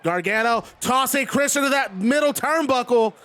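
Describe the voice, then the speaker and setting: A man's voice: extremely high pitch, normal speed, pushed and bright. A man streaming live, giving casual, chatty play-by-play on a wrestling video game.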